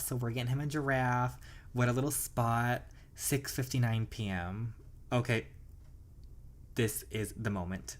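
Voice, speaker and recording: A chatty host reacts as they play through a romance story game. The talk is gushing and excitable, full of delighted reactions to the story. The pitch sits in the middle. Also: unhurried. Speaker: gaming channel host. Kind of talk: story game playthrough commentary.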